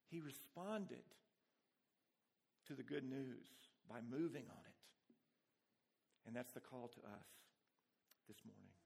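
A man's voice: fairly high pitch, a little slow, creaky, pauses often. Earnest man preaching a sermon. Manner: earnest, repeats key phrases for emphasis. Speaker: pastor. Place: church.

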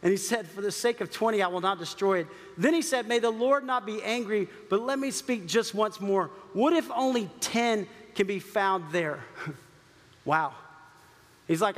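A man's voice: high-pitched, moderate pace, a bit bright, in a large hall. A man preaching a sermon in a conversational way, with frequent asides and laughs. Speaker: pastor.

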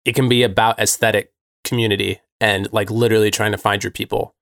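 A man's voice: lowish voice, little pitch movement, fast, gravelly, fairly bright tone, no echo, studio quality. A man co-hosting a podcast, talking in an eager, chatty way with lots of fillers. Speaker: podcast co-host. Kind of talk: casual conversation.

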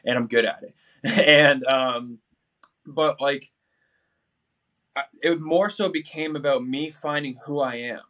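A man's voice: medium pitch, slow, pauses often, sharp tone. A young man from New England, talking in a casual interview with energy, lots of fillers and restarts. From New England, USA. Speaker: podcast guest.

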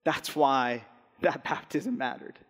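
A man's voice: medium pitch, animated. Man preaching in a reverberant hall. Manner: earnest, slow and soft on key phrases. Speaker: pastor. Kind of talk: sermon. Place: church hall. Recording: long reverb in a large hall.

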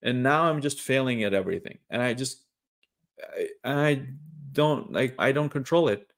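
A young man talking earnestly and candidly to camera, halting and restarting as he speaks. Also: mid-range voice. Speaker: online creator sharing personal story. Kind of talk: candid personal monologue.

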